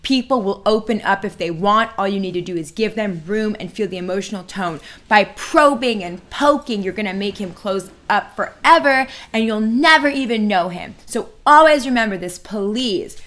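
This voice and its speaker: A woman's voice: mid-range voice, expressive, normal speed, a bit bright. Woman doing dating advice to camera, blunt and emphatic, hammers points home by repeating them. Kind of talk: direct-to-camera advice talk.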